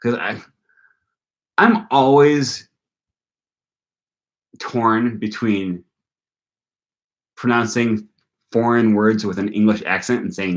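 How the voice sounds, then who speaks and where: Young guy doing a live q&a stream, lowish voice, lots of ums, just chatting. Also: takes it slowly, long pauses. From North Carolina. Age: young adult. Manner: casual, thinking aloud with frequent ums. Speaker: channel host answering viewer questions.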